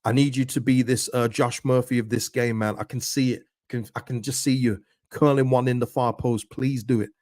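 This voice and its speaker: A man hosting a live football watchalong stream, reacting excitedly to the match and answering viewers' chat messages. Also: mid-range voice, fairly quick, hardly any pauses, no echo, studio quality. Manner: excitable, pleading, chatty with viewers.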